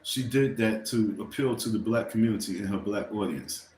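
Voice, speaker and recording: A man's voice: fairly low pitch, normal speed, a little mellow, echoey room, a little hiss or hum. A man hosting a livestream, ranting casually and profanely in a rambling, heated way and speaking directly to his viewers. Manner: addresses viewers directly, asks for likes. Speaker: livestream host.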